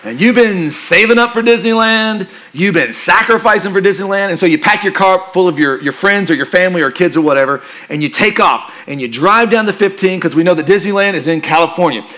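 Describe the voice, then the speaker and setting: A male pastor preaching a sermon in a conversational, joking style that turns quiet and earnest for emphasis. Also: high voice, lively intonation, brisk, few pauses.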